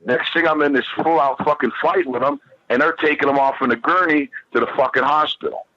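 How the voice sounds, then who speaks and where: Middle-aged male podcast guest with a slightly high, bright and forceful voice, spinning a rambling, profane story on dull lo-fi audio. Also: fairly quick. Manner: profane, rambling, repeats himself. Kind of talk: casual storytelling.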